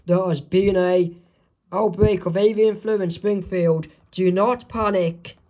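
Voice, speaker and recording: A man voicing a male TV news anchor in a fan comic reading, slow and formal. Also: sits high, fairly even intonation, mellow. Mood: announcing.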